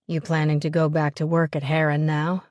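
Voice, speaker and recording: A woman's voice: deep voice, level tone, normal speed, darkish tone, no room sound, clean studio sound, lightly acted. A woman narrator voicing a laid-back, friendly young cowboy who speaks in few words. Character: easygoing young cowboy man.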